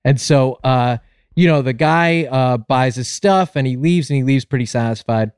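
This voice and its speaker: A man's voice: moderate pace, a little mellow, smooth, no room sound, studio quality. A man on a podcast telling a long joke in casual chat, rambling and acting out the characters. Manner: rambling storyteller, acts out voices with big pitch jumps. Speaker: podcast co-host.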